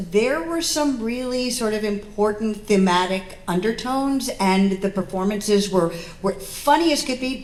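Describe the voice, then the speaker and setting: A woman moderating on stage, praising her guest and winding through long questions. Her voice sits at a middle pitch and carries a roomy echo. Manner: effusive, rambling long questions. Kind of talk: interview questions. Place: festival panel stage.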